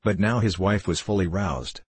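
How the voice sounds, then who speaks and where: A man reading a novel aloud as an audiobook narrator, in a steady, measured way. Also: sits low, slightly rough, dry recording.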